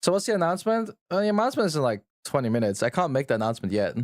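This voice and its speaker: A man's voice: fairly high pitch, very animated, rapid-fire, no echo, studio quality. A man livestreaming and answering chat in a blunt, profane, teasing way.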